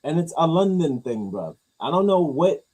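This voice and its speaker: New guy ranting in a reaction vlog, swearing a lot, voice jumps all over, mellow tone. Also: on the high side, sing-song, normal speed, husky, low-quality recording. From New York. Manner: profane, rambling, joking. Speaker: commentary vlogger. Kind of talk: casual reaction commentary.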